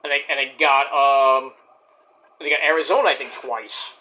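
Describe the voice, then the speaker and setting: A man's voice: mid-range voice, steady tone, normal speed, pushed and bright. A man reviewing shows, giving rambling, profane running commentary as he watches. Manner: rambling, profane, talks to himself about the action. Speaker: show reviewer.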